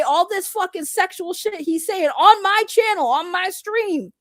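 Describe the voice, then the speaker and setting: A woman's voice: extremely high pitch, lively intonation, measured pace, few pauses, fairly bright tone, no room sound, clean studio sound. A woman streamer talking in a blunt, profane way and mocking others' words in heated casual talk.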